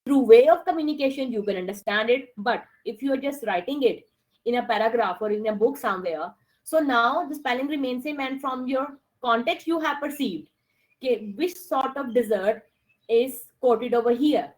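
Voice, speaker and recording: A woman's voice: on the high side, moderate pace, poor audio. A woman teaching an online class, mixing with Hindi-Urdu phrases and speaking as she addresses her students directly. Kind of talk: online English lesson.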